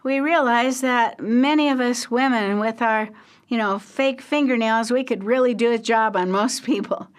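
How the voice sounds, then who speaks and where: An older woman telling a history story as a lecture, with frequent pauses, fillers and conversational asides. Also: a little high. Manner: slow, halting, with many fillers and asides.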